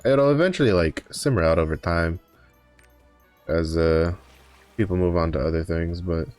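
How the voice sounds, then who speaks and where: Low and darkish in tone, this man's voice is recorded dry as he gives casual commentary on a game stream. He rambles, fills gaps, corrects himself, and yawns like someone running low on energy.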